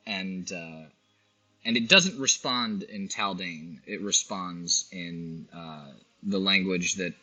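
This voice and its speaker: Sex: man. Role: game master. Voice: very bright, husky. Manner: slow, halting, with many restarts. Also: low-pitched, low-quality recording. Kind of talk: narrating a tabletop game.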